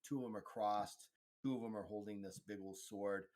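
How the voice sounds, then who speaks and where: A man's voice: fairly low pitch, fairly even intonation, moderate pace, darkish tone. A man narrating as game master of a tabletop role-playing game, rambling with many fillers and restarts.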